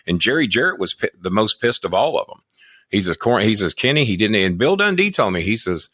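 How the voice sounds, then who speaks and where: A man's voice: fairly low pitch, sing-song, quick pace, sharp tone, no room sound, studio quality. An older American man, a podcast guest, telling long boastful and profane stories in casual chat. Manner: profane, boastful, rambling anecdotes. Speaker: podcast guest, former wrestling manager.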